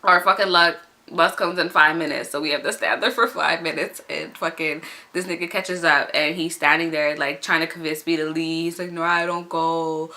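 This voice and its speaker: A woman in her twenties telling a casual storytime, animated and profane, laughing often. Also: deep voice, moderate pace.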